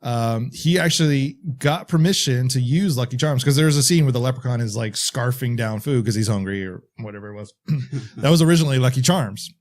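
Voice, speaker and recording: A man's voice: medium pitch, brisk. Podcast guy with a normal middle voice telling some movie trivia, laid back, lots of uhs. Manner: relaxed, shares trivia with hesitations. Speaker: podcast co-host. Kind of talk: casual horror movie chat.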